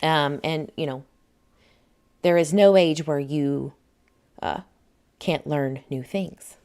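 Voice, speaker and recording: A woman's voice: low voice, slow pace, darkish tone. A woman with a Southern US accent hosting a casual livestream, chatting and reading viewer comments aloud with frequent laughs. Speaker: livestream host.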